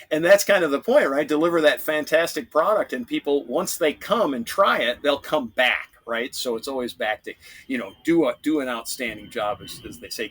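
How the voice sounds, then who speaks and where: A man with a husky, slightly rough voice speaks as a podcast guest. He talks in a casual, emphatic way, often repeating a phrase to drive his point home. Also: mid-range voice, fairly bright tone. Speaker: podcast guest, handyman business owner.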